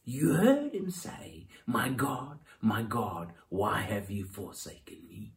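A preacher voicing Satan as a hushed, taunting whisperer, in a whispered role-play within a sermon. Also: mid-range voice, expressive, slow, distant mic, voice pushed down.

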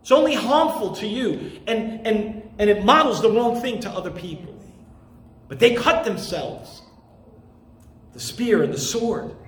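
An impassioned male pastor delivers a sermon in a very high voice. He stresses his points hard and at times rises to shouts. His voice rings in an echoey room. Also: lively intonation, unhurried. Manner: impassioned, emphatic, rising to shouts.

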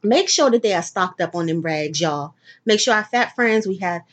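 This is a woman talking on her solo podcast, clearly tired. She rambles from story to story and swears casually. Her voice sits at an ordinary middle pitch. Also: normal speed. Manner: profane, rambling, animated storytelling. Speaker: podcast host.

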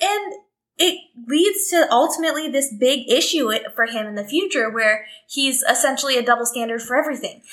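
A young woman co-hosting a podcast, giving her opinions on a book in a brisk, casual way. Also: fairly high pitch, fairly bright tone. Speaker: podcast co-host. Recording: echoey room.

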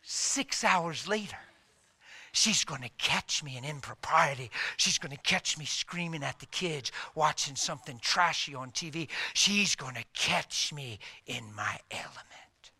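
A middle-aged man preaching a sermon, telling a personal story and swinging from loud outbursts to hushed asides. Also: fairly high pitch, measured pace, husky. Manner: animated, swings from loud to hushed, acts out quotes.

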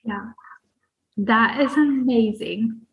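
A woman's voice: a little high, slow. A woman hosting a casual interview, encouraging her guest with brief responses. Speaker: host. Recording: dull lo-fi sound.

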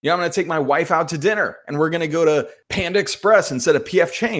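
A man hosting a solo podcast, walking through a hand he played with animated, self-mocking storytelling. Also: fairly high pitch, quick pace, few pauses. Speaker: podcast host.

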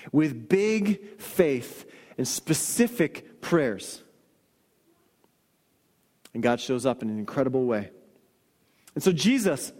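A man preaching a sermon as a pastor, telling stories and dropping to soft, earnest emphasis on key lines. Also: high voice, in a large hall. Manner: storytelling, shifts into quoted voices and soft emphatic lines.

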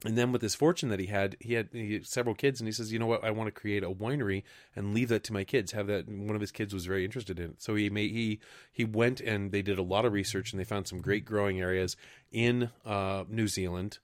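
A man's voice: lowish voice, fairly even intonation, quick pace, no echo, studio quality. A man co-hosting a casual wine podcast, talking in long rambling runs with restarts. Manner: rambling, many restarts and fillers. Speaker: podcast co-host.

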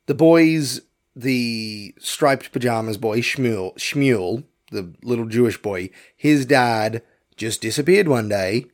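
A man's voice: mid-range voice, slow. Blunt, swearing man. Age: young adult to middle-aged. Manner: profane, rambling, blunt. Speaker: podcast host. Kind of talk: casual film review rant.

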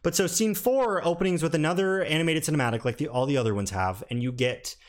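A man's slightly high-pitched voice giving a loose, unscripted review. He rambles, stumbles over restarts and leans on fillers, and his verdicts come out blunt and candid. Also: fast. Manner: frank and rambling, with many restarts and "like"; candidly critical, mildly exasperated. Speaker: film reviewer. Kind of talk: casual spoken review.

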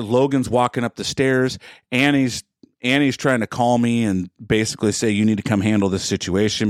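A man's voice: dry recording, studio quality. A man in his thirties co-hosting a podcast, telling a long rambling story in casual chat, his voice jumping up when he gets exasperated. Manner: animated, rambling, jumps up in pitch when exasperated. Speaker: podcast co-host.

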